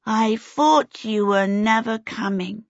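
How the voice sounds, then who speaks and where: A woman voicing a calm, polite, oddly grown-up small boy in a storybook reading, in a dull lo-fi recording. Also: on the high side, slow pace, dry recording, voice pushed up. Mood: cool, matter-of-fact. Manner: polite and composed.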